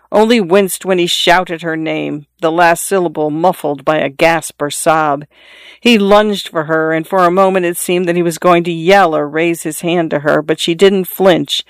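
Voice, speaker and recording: An audiobook narrator reads a literary novel in a measured, unhurried storytelling style. His voice is smooth and resonant, pitched somewhat high for a man, and the recording is close and dry, with no room sound or echo.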